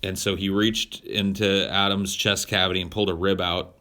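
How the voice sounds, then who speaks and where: A man with a low, bright, forceful voice, talking casually and irreverently. He rambles with lots of fillers and plenty of swearing. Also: level tone, normal speed. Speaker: podcast co-host. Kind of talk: casual chat.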